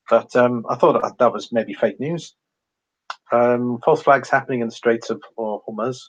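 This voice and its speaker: With a lowish voice and the highs cut off, an Englishman chats through his precious metals livestream. He's rambling and full of ums, chuckling often as he reads viewer comments aloud.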